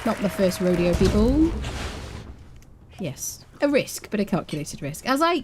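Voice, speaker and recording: Lively-voiced woman streamer chatting to chat. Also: lowish voice, normal speed, creaky, slightly rough. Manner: chatty, laughs often, playful asides to chat. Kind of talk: live game commentary.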